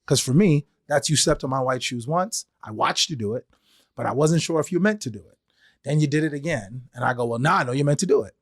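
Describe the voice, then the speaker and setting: A man's voice: medium pitch, lively intonation, fast talker, slightly rough, no echo, clean studio sound. A man hosting a podcast, talking through his thoughts in a conversational way and acting out little exchanges as he tells them. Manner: conversational, acts out quoted exchanges in changing voices. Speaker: podcast host. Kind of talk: solo podcast monologue.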